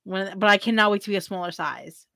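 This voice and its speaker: A woman's voice: medium pitch, fast talker, vocal fry, pushed and bright, no echo. A woman hosting a casual livestream, reading viewer comments aloud in a bubbly, giggly way and greeting them as queens. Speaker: livestream host.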